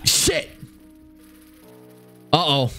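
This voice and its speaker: A young man giving casual live gameplay commentary, excitable and swearing often, repeating phrases under pressure. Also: drawn-out words, faint music behind. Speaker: gaming streamer.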